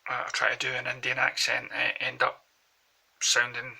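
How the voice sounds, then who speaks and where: A man's voice: medium pitch, completely flat delivery, moderate pace, creaky, bright, forceful tone, husky, low-quality recording. A man with a Glaswegian accent from Scotland, rambling through casual anecdotes as a vlogger. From Glasgow, Scotland. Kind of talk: casual chat to camera.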